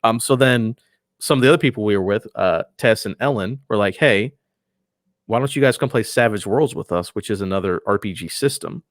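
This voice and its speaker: Speaking fairly quickly in a lowish voice, this man is a guest on a casual interview, where he talks about his work as a voice actor and podcaster. He is relaxed and enthusiastic, frequently letting his words trail off softly. The sound is studio quality without echo.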